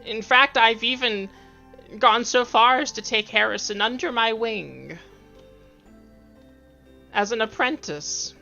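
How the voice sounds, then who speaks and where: A man's voice: very high voice, takes it slowly, vocal fry, pauses often, sharp tone, pitched above the performer's own voice, heavily acted. A man voicing Clive, a pompous and boastful male rival fighter in a tabletop game, with slightly dull sound and faint music behind. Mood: smug.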